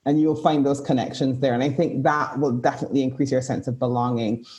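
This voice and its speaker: A woman's voice: a bass voice, steady tone, fast talker, a little mellow. A woman, an author and writing coach, giving reflective advice as a podcast guest, with a lot of "like" and "you know". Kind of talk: casual conversational interview.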